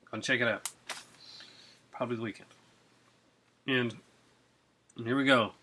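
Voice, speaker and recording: Chilled from the cold and rain, a male video host rambles excitedly through a casual unboxing vlog, using lots of fillers. His voice is mid-range, and he talks a little slowly.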